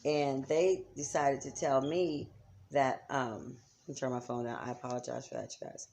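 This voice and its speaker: A woman's voice: very deep voice, expressive, moderate pace, darkish tone, a little hiss or hum. A woman giving a chatty, casual lesson on spiritual practice, often checking in with her listeners. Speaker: psychic teacher. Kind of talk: casual instructional talk.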